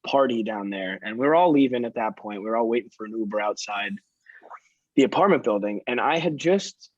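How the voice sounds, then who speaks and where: A young man in a band, telling an animated story in a casual interview and laughing as he goes. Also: mid-range voice, a little fast, dry recording. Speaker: band member. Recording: dry, dull lo-fi.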